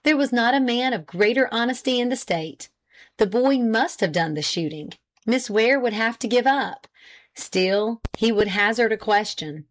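A woman narrating a period novel in a measured, even storytelling voice. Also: on the high side. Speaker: audiobook narrator. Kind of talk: scripted narration.

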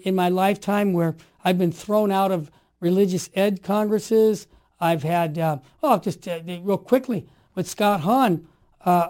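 A man in his sixties telling stories in conversation, emphatic and animated, dropping to quiet asides and rising to forceful exhortations. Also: high voice. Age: 60s. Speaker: guest. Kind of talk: storytelling in conversation.

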